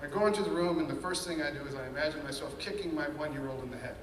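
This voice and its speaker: A man's voice: fairly high pitch, racing, a bit bright. Man telling his story in an echoey hall. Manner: candid, earnest storytelling with quoted inner voices. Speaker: speaker sharing his story. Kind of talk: personal testimony talk. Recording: echoey hall, mic at a distance.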